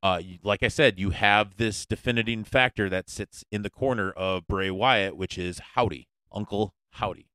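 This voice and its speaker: A man's voice: on the low side, normal speed, few pauses, sharp tone, smooth, dry recording. A man hosting a podcast, chatting casually and interviewing his co-host in a playful, mock-formal way. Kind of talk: casual chat.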